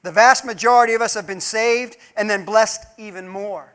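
A male pastor delivering a sermon, preaching emphatically and swinging between loud pleas and hushed asides while putting rhetorical questions to his congregation. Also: sits high, normal speed.

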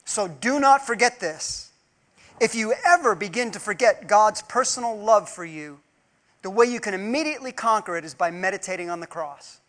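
A male pastor delivering a sermon, preaching emphatically and swinging between loud pleas and hushed asides while putting rhetorical questions to his congregation. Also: high-pitched, lively intonation, normal speed.

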